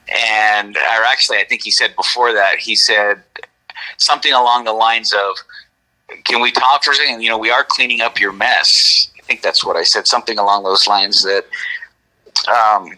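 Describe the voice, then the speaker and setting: A man's voice: fairly low pitch, steady tone, normal speed, pushed and bright, rough recording. A middle-aged man telling his own encounter story in casual talk, rambling, correcting himself and often asking "right?". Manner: rambling, self-correcting, frequent "right?" asides. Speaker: interview guest recounting an encounter.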